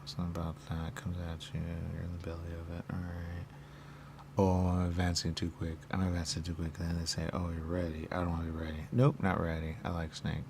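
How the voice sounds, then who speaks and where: A person playing a snake game and rambling aloud, muttering to themself in halting, trailing phrases. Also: low voice, level tone, background noise. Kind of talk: rambling stream-of-consciousness talk.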